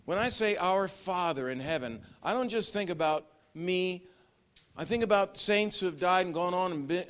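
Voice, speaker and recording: Older male pastor with a rather high voice; conversational sermon, frequent restarts and small chuckles. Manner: conversational, repeats words, chuckles.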